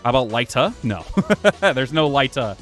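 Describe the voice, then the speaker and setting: At a normal pace and medium pitch, with a fairly bright tone, a man chats casually over his gameplay, wandering off topic, making fun of himself and cursing freely. Faint music drifts from his computer.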